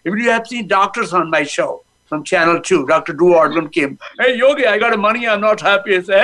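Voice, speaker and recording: High, lively laughter-yoga man on a phone. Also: a little fast, hardly any pauses, rough recording. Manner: bursts into laughter and chants. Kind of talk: energetic guest talk on a call. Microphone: phone on a video call.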